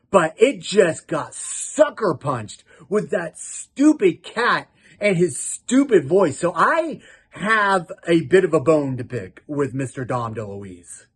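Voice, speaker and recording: A man's voice: sits high, fairly bright tone, husky. A man hosting a casual film review show, talking in a giggly, self-mocking way and often breaking into laughter.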